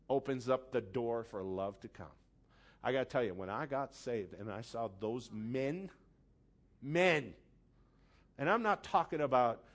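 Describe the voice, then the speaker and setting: A middle-aged man preaching a sermon as pastor, passionate, dropping to hushed tones and rising to loud emphatic lines. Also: mid-range voice.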